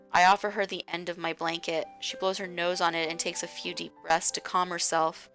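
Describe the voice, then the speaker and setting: A woman streamer reading a visual novel aloud in a slow, hushed way. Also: on the low side, flat delivery, soft background music. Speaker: game streamer.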